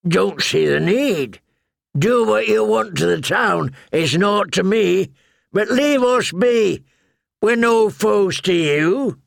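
A hard-bitten old man speaks in short, clipped phrases, drawn out and slow, as a male storyteller puts him on. The voice sits higher than the narrator's own. It sounds dry, close and unechoing. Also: expressive, creaky, no room sound, heavily acted. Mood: wary. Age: older. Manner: terse, clipped, drawling. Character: gruff older man, a hard-bitten recruiter.

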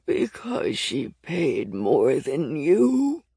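A woman voicing an ancient, stooped blind priest of no clear sex, who speaks in a slow, creaky, scratchy half-whisper. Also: low voice, wildly swooping pitch, warm tone, dry recording, studio quality, pitched below the performer's own voice, exaggerated voice. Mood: cryptic.

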